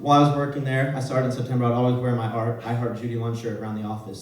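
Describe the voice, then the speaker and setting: A man in his twenties giving a lively storytelling speech at a celebration, heard from a distant microphone in a big room. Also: mid-range voice. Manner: animated, laughing storyteller. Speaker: speaker at a celebration event. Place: large echoey event room. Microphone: far from the mic. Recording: roomy echo, distant mic, faint room noise.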